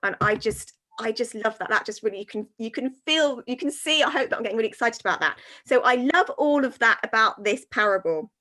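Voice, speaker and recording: A woman's voice: a little high, animated, fairly quick, few pauses, pushed and bright. A woman minister in a reflective discussion, talking earnestly and from the heart, with many fillers and restarts. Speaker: guest minister.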